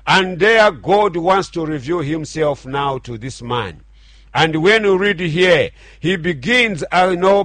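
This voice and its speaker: Pastor preaching on the radio. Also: male voice, a little high, fairly bright tone, no room sound. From Zambia. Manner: earnest preaching with repetitions and restarts. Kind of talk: radio sermon.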